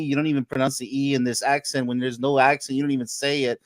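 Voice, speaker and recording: Male co-host, laid-back and slangy, mid pitch, dry close recording. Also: fairly even intonation, brisk, hardly any pauses, dry recording. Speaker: podcast co-host. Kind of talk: casual chat.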